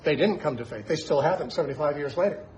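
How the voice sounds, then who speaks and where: A man's voice: a little high, fast, darkish tone, muffled recording. A man who teaches the Bible on the radio, explaining scripture in an emphatic way and posing rhetorical questions to his listeners.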